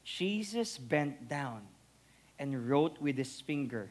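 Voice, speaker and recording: A young man with a Filipino accent preaching an animated sermon, mixing Tagalog and English. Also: mid-range voice, takes it slowly, slight background noise. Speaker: pastor.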